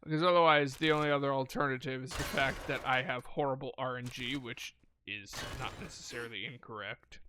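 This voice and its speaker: A man's voice: mid-range voice, fairly even intonation, a little fast, hardly any pauses, noisy background. A man giving casual gameplay commentary, chatty and swearing, talking to the game and the zombies as he loots. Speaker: gameplay streamer.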